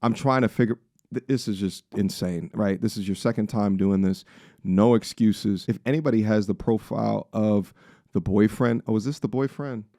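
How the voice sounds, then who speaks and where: A man's voice: lowish voice, moderate pace, mellow, no room sound. A man hosting a casual commentary channel who talks straight to his viewers in a blunt, incredulous way, recorded close in a home studio.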